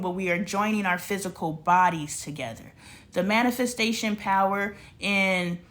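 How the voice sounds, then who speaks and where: A woman vlogger telling a casual story, acting out the dialogue and adding spiritual, preachy asides. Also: mid-range voice.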